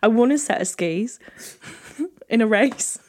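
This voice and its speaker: A woman co-hosting a podcast in casual chat, telling animated stories and acting out what people said. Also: a little high, measured pace. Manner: animated storyteller who laughs often and acts out quotes. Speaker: podcast co-host.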